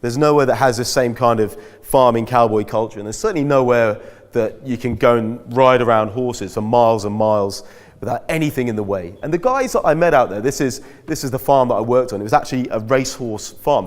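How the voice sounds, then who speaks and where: A man's voice: mid-range voice, fairly quick. A man, giving a chatty, self-mocking talk as a guest speaker at a school. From Britain. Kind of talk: anecdotal talk to an audience. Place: school hall. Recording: echoey hall.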